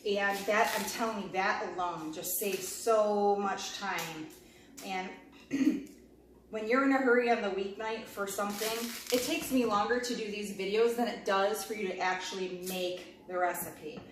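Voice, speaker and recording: A home cooking vlogger chats away to viewers in her kitchen, tasting food and walking through a recipe as she cooks. Her medium-pitched voice is a little slow. The kitchen echoes, the mic is a bit far off, and background noise is clearly audible.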